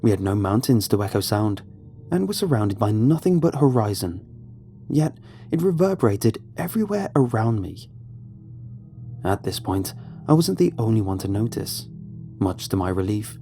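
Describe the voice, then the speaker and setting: A man narrating a horror story in a measured, suspenseful way. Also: on the low side, big pitch swings, dark tone. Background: faint music.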